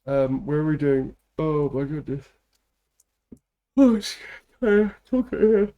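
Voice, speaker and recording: A man's voice: fairly high pitch, lively intonation, slow pace, narrow, tinny audio. A tired man hosting a livestream, chatting casually and laughing often as he teases his co-host and thanks viewers. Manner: laughs often, playful and teasing. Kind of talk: casual live-stream chat.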